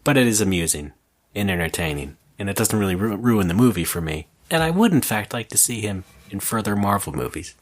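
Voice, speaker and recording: Deadpan low-voiced man chatting. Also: fairly quick. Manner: dry, deadpan joking. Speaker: podcast co-host. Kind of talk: casual chat.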